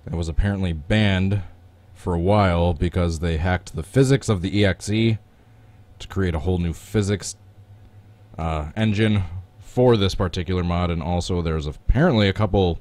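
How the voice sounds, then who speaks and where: A man with a low voice and a Midwestern American accent, hosting a casual gaming live stream. He keeps up a chatty flow and greets his viewers one by one by name. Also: moderate pace, a little mellow, no room sound.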